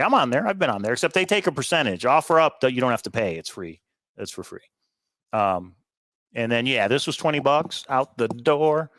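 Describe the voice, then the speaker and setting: A man with a mid-range, fairly bright voice co-hosts a casual livestream, recorded with no room sound. He chats upbeat about items he sold and answers viewer comments, tossing in quick asides and chuckles.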